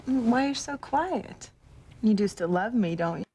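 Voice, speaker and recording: An actress in a daytime soap opera playing an anxious young wife, apologetic and pleading. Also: female voice, fairly high pitch, lively intonation, unhurried, dark tone, a little hiss or hum.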